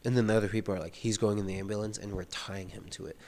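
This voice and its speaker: A man's voice: fairly low pitch, little pitch movement, rapid-fire, a little mellow. A man reading a novel aloud and talking through it in a loose, casual way, with lots of fillers. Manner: reads passages aloud then explains them loosely, many "like" fillers. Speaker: book reader and commentator. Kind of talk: casual read-along commentary.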